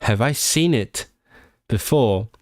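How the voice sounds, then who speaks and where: A man in his late twenties from Hong Kong, hosting a livestream and chatting casually and excitably with viewers, often restarting his sentences. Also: medium pitch, slow, no echo, studio quality. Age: late 20s. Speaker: livestream host. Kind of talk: casual chat with stream viewers.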